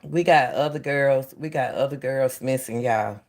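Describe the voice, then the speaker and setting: A woman's voice: very deep voice, normal speed, a little mellow. A middle-aged woman, a retired track coach, hosting live commentary. She speaks with a harsh coaching edge, impassioned and repeating herself to her viewers.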